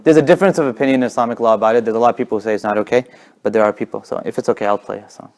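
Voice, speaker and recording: Fast, animated man telling stories. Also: mid-range voice. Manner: fast-talking, animated, drops to whispers for effect. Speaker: guest speaker. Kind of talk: casual storytelling talk.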